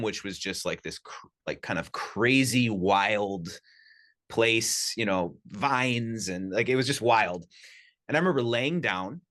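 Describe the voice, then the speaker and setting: A man with a fairly low voice tells stories as a guest on a podcast. He talks in a loose, casual way and keeps things animated, with plenty of "you know" and "like" along the way. He sounds like he is speaking into a studio microphone. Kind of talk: casual storytelling. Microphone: studio podcast mic.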